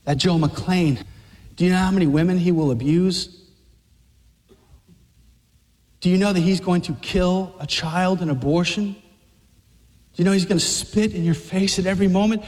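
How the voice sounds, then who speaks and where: A man's voice: sits high, fairly even intonation, moderate pace, a little mellow, in a large hall, close to an everyday voice. A man voicing a menacing male devil who whispers temptations and mocking threats. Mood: coaxing.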